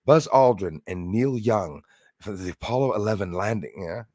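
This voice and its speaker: Here a man runs a laid-back live stream, naming viewers as he greets them and rambling with jokes, fillers and frequent restarts. His lowish, darkish voice is expressive at a normal pace, recorded at studio quality without echo.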